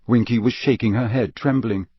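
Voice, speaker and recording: Man narrating an audiobook, steady. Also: medium pitch, moderate pace, breathy edge, dry recording, highs cut off.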